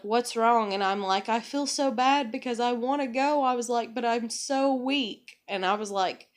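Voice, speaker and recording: A woman's voice: medium pitch, a bit bright. A young woman talking candidly in a rambling personal monologue, full of fillers and swearing. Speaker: vlogger.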